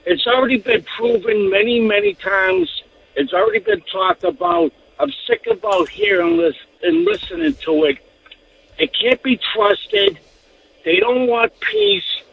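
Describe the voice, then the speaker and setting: Gravelly, heated male caller on the phone. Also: very high-pitched, dry recording. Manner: heated, insistent, repeats himself. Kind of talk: call-in radio. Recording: phone line.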